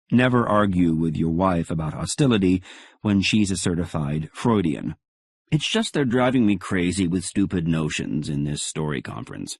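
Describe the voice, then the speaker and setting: A man's voice: low voice, animated, normal speed, creaky, breathy edge, no room sound, clean studio sound. A man narrating an audiobook in the first person, in a wry, conversational way.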